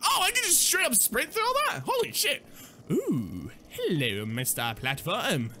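A young man playing through a game on camera, his voice high and bright with very wide swings in pitch. He reacts loudly, swears freely and keeps up silly running commentary. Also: normal speed, a little hiss or hum. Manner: excitable, swearing, laughing, silly asides. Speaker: gaming YouTuber. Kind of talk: Let's Play commentary.

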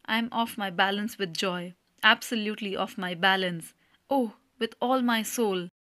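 Bright-toned gushing old landowner guy, heaps on the sweet names, read by a woman. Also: mid-range voice, measured pace, no room sound, studio quality. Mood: overjoyed. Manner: fawning, heaps on endearments. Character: gushing older male landowner, effusive.

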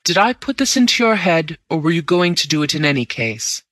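A man voicing an eager, slightly nervous young male accomplice in an audiobook, with quick questioning lines. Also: fairly high pitch, very animated, sharp tone, no echo, voice pushed up. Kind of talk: audiobook character reading.

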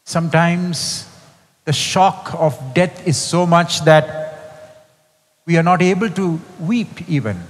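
A man with an Indian English accent, reading scripture and preaching a sermon in a slow, deliberate way with wide swings in pitch. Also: lively intonation, in a large hall. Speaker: preacher and Bible teacher.

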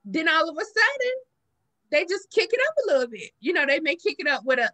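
A woman's voice: high-pitched, a little fast. A woman with a Southern US accent co-hosting a podcast, telling stories in casual chat and acting out the lines she quotes. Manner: animated storytelling, acts out quoted lines. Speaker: podcast co-host.

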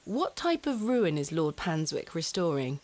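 A woman's voice: deep voice, very animated, a little slow, a little mellow. An actress playing a prim, persistent young lady in a narrative game, with an inquisitive manner. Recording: background noise audible.

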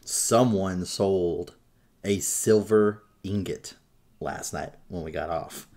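Speaking slowly in a low voice, a young podcast co-host swears freely and laughs a lot while animatedly telling stories in casual gaming chat.

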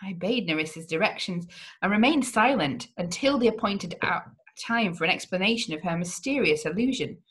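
Female read-along host, gothic novel, dramatic mid-pitched delivery. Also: lively intonation, a little fast. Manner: dramatic reading with occasional slips. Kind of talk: reading a gothic novel aloud.

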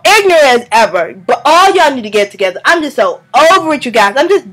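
A woman vlogger ranting to her viewers in a sassy, animated, scolding way. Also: fairly high pitch, brisk, few pauses, slight background noise. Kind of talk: casual rant to camera.

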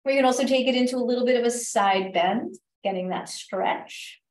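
A woman instructor guiding a stretch class with calm, step-by-step cues and gentle reminders, recorded in a library class room. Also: on the high side, moderate pace. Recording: echoey room, voice from a distance.

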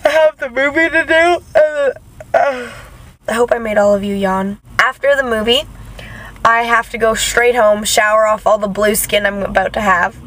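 A woman's voice: a little high, fairly even intonation, moderate pace, a bit bright. A tired young woman vlogging casually from inside a vehicle, rambling and joking at her own expense. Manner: chatty, rambling, self-mocking. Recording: noisy car background.

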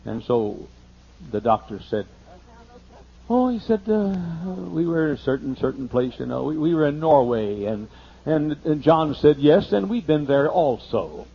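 Husky folksy preacher telling a story. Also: male voice, medium pitch, lively intonation. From United States. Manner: folksy and humorous, lists things slowly. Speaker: pastor. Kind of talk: storytelling sermon. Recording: muffled older sermon tape.

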